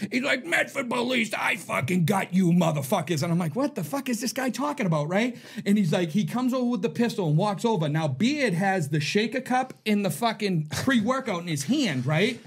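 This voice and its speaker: A man with a high, slightly husky voice spins a profane, animated story on a casual podcast. He laughs through his lines and keeps checking in with his listeners as he goes. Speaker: podcast co-host.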